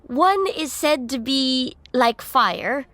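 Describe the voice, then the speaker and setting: A woman's voice: high-pitched, expressive, takes it slowly, fairly bright tone, dry recording. A woman playing a tabletop game, playfully describing her character's actions. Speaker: player.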